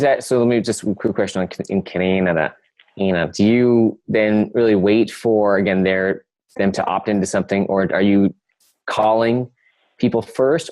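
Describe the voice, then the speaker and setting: A man hosting a business podcast asks short, curious follow-up questions in a casual tone. His voice sits a little on the low side. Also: mellow, no echo, rough recording. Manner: curious, cuts in with quick questions. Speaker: podcast host.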